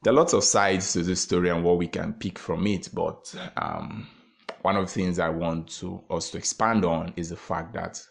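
A man telling a parable as a motivational talk, animated, with frequent fillers and laughs. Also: deep voice, moderate pace, gravelly. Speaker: storyteller.

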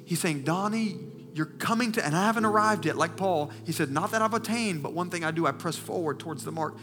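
A male pastor preaching a sermon, swinging from loud, impassioned declarations to hushed, near-whispered confessions while holding back tears. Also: a little high, quick pace.

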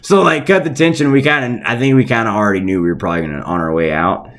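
A man's voice: on the low side, quick pace, fairly bright tone. A middle-aged man co-hosting a podcast, telling a story in casual chat, laughing often and swearing freely. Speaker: podcast co-host.

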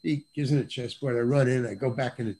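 An older man, a guest actor on a video call podcast, telling an animated anecdote with many restarts and acted-out voices. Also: medium pitch, fast talker. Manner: lively, acts out other people's voices, repeats and restarts words.

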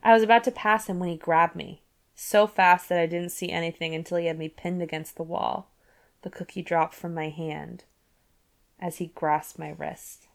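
A woman's voice: fairly low pitch, steady tone, normal speed, vocal fry. A woman hosting a book club podcast, chatting casually with giggly asides and reading passages aloud.

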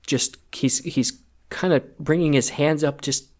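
A man co-hosting a film podcast, talking in a halting, emotional way and choking up as he recalls a scene. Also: a little high, steady tone, darkish tone. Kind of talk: casual film discussion.

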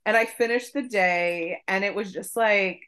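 A woman co-hosting a podcast, telling a story in casual chat, profane and animated. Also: medium pitch, unhurried. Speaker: podcast co-host.

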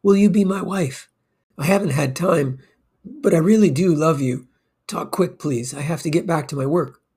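A man voicing a busy male stockbroker who talks in a rushed, urgent way. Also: animated, darkish tone, slightly rough. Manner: rushed, rising pitch when proposing.

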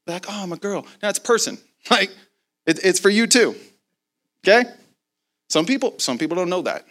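Guy preaching, tells a story w voices, laughs a lot, kinda high pitched. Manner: animated, laughing, acts out both sides of a dialogue. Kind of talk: sermon with storytelling.

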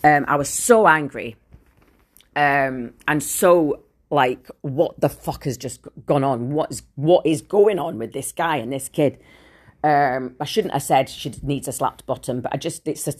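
A woman's voice: sits low, measured pace, breathy edge. A woman telling a personal story on her podcast, casual, blunt and full of swearing and fillers. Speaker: podcast host.

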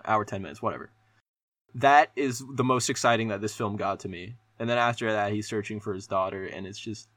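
A man's voice: lowish voice, a bit bright, no room sound. A young man hosting a casual solo podcast who reviews a movie in a rambling, profane way, full of fillers. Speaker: podcast host.

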